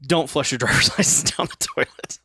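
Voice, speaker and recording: A man's voice: medium pitch, brisk, vocal fry, pushed and bright, slightly rough, dry recording, clean studio sound. A man co-hosting a casual podcast, retelling a movie plot with laughs and acted-out quotes. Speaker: podcast co-host. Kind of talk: casual movie recap chat.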